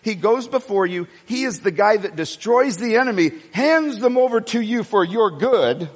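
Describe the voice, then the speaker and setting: Male pastor, high voice, animated storyteller mid-sermon, long hall reverb. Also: normal speed. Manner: storytelling, animated, swinging between low asides and raised emphasis.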